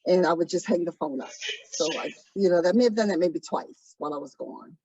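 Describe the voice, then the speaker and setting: A woman telling her own story in an interview, soft-spoken and hesitant, pausing often. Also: fairly low pitch, breathy edge, dry recording, lo-fi sound. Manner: soft-spoken, hesitant, many pauses and ums. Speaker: trafficking survivor guest. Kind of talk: interview testimony.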